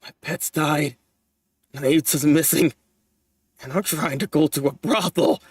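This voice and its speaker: A man's voice: fairly high pitch, measured pace, husky, no room sound, clean studio sound. Man reading a whining, girl-crazy teen boy. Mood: whiny lament. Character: frustrated teenage boy, self-pitying and girl-crazy. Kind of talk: manga panels read aloud.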